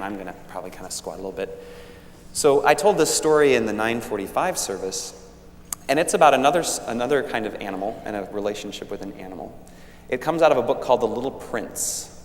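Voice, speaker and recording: A man speaking as a minister, telling the children a story during a church service. He talks gently and warmly at an ordinary pitch. His voice fills a large sanctuary with a long reverb and a faint hum beneath it.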